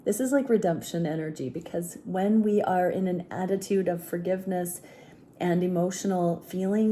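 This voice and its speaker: A woman with a hoarse, gruff voice from a sore throat, giving a calm spiritual tarot reading. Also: on the low side, measured pace, a little hiss or hum. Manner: calm, searching, prayerful. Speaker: tarot reader.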